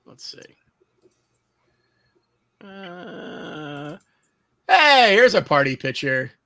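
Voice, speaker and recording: High, bright-voiced man telling rowdy stories. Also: extremely slow, vocal fry. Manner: profane, laughing, animated storyteller. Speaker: host reminiscing with friends. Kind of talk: casual storytelling chat.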